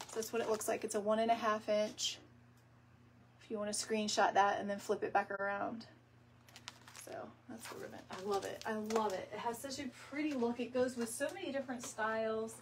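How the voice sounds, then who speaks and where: A woman's voice: fairly high pitch, fairly even intonation, normal speed, long pauses, slight background noise. A woman hosting a home decor tutorial, chatting casually and rambling as she works. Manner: chatty, rambling, says y'all, laughs easily. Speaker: DIY decor video host. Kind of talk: casual craft tutorial chat. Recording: somewhat distant mic with faint room ambience.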